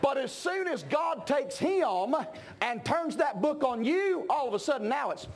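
A middle-aged man preaching a sermon, emphatic and shouting at his peaks. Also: extremely high pitch, very animated, measured pace, a faint crowd. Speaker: pastor.

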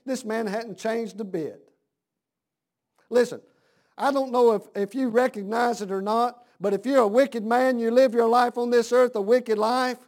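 A man preaching a sermon, dropping to a hush and then rising to shouts with slow, drawn-out emphasis. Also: very high-pitched.

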